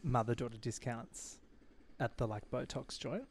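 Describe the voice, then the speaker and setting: A man, co-hosting a podcast and gossiping through a TV recap, with frequent swearing and quick impressions. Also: medium pitch. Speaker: podcast co-host. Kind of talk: casual chat recapping a TV show.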